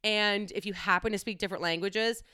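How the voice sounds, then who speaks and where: A woman's voice: mid-range voice, fairly even intonation, brisk, bright, forceful tone, clear, resonant tone, dry recording, clean studio sound. A young woman talking candidly on her own, chatty and casual, with frequent swearing. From United States. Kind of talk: casual solo monologue.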